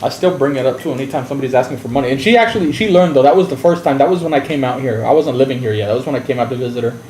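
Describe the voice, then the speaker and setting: This American man races through a story on his game stream in a medium-pitched, darkish voice, blunt and loaded with profanity. The room sounds roomy, with faint background noise.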